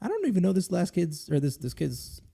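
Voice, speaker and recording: A man hosting a podcast in casual chat, retelling a film plot in an animated, rambling way and laughing often. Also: sits high, brisk, gravelly, slightly rough. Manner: rambling, with restarts. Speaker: podcast host.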